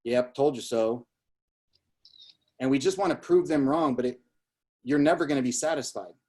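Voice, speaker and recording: A man's voice: medium pitch, a little mellow. A man speaking as a guest business coach, giving an emphatic motivational talk with a repetitive, storytelling manner.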